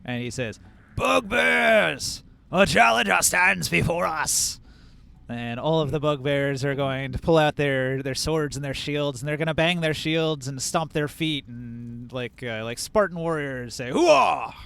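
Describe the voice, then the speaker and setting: A man's voice: medium pitch, steady tone, moderate pace, hardly any pauses, clear, resonant tone. A man running a tabletop game as game master, narrating scenes with frequent "uh"s. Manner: descriptive, filler-heavy narration.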